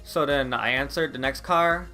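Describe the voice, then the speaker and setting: A man's voice: medium pitch, moderate pace, pushed and bright, soft background music. A young man in his late teens or early twenties, vlogging in a rambling casual chat, full of "like" and laughs. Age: young adult. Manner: rambling, heavy use of "like", frequent laughs.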